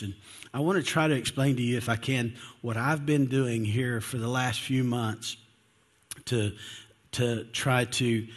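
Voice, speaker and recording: Earnest man preaching a sermon. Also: mid-range voice. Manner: earnest, confessional, with frequent restarts and rhetorical questions.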